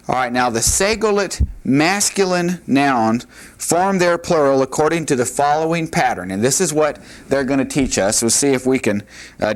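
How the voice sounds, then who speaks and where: Patient man teaching at a board. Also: medium pitch. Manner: patient, repeats key words, frequent "all right" and "uh". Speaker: Hebrew teacher. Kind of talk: classroom grammar lecture. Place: classroom with a board.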